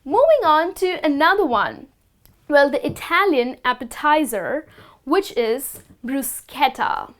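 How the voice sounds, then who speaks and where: A woman teaching the correct pronunciation of food words, speaking slowly and deliberately and repeating each word with care. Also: sits high, big pitch swings, fairly bright tone. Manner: instructive, slow and deliberate, repeats words carefully. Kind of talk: scripted lesson to camera.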